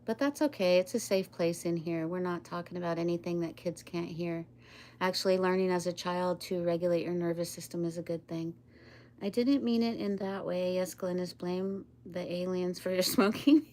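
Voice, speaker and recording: A woman's voice: on the low side, steady tone, moderate pace, mellow. A woman chatting casually on a live stream, rambling, laughing often and talking to her pets and viewers.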